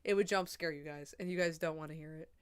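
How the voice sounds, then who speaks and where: A young woman chatting casually on a livestream, rambling and swearing, a little drunk and high. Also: steady tone, fast talker, clean tone.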